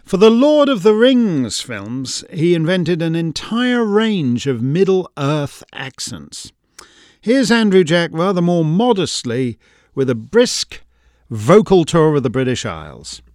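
A man's voice: on the high side, sing-song, slow pace, darkish tone, no room sound, clean studio sound. A man from Canada hosting a scripted commentary, with an emphatic, articulate delivery. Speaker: commentary host.

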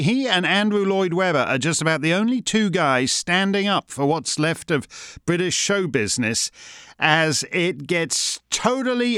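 A man's voice: fairly high pitch, fairly bright tone, clear, resonant tone, no room sound, studio quality. A man hosting a satirical monologue, sardonic and mocking in manner. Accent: Canadian. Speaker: host.

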